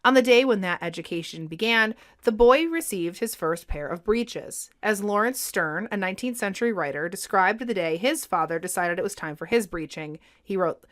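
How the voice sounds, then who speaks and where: A woman co-host narrates a history podcast from her script, and her expressive reading lifts on the lighter moments. Her voice stays at a middle pitch. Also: moderate pace, hardly any pauses.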